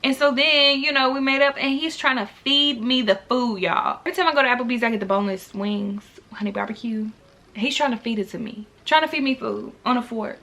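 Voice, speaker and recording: A young woman telling a storytime to her viewers in a casual, animated, exasperated way. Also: a little high, brisk. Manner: animated, talks to viewers directly; exasperated, incredulous. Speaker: vlogger.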